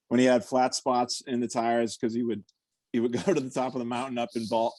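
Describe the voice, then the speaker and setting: A man's voice: medium pitch, fairly even intonation, normal speed, a little mellow, dry recording. A man in casual chat who tells stories and laughs as he goes. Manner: laughs while telling stories.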